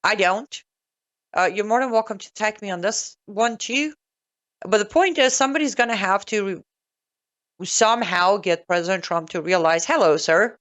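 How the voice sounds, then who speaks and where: Female commentator, sarcastic and emphatic, mid-pitched voice. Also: normal speed, fairly bright tone. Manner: sarcastic, emphatic, repeats points for stress. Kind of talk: solo political commentary.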